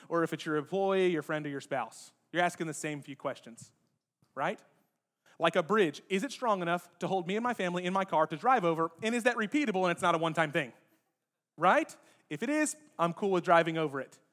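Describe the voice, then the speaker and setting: A man preaching a conversational sermon as a pastor, lively and addressing the congregation directly with joking asides. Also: high voice. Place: church sanctuary.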